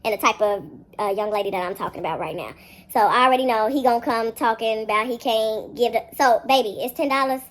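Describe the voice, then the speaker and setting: A woman telling a casual storytime to her viewers, in a lively, slangy way that speaks to the audience directly. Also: fairly high pitch, fast. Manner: animated, acts out the dialogue in her story. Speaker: storyteller vlogger.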